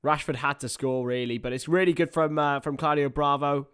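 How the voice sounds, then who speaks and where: A man's voice: on the high side, fairly even intonation, brisk, a bit bright, smooth. A young man giving chatty live play-by-play of a football match for his stream viewers, with asides to them. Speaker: livestream watchalong commentator. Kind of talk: live football watchalong commentary.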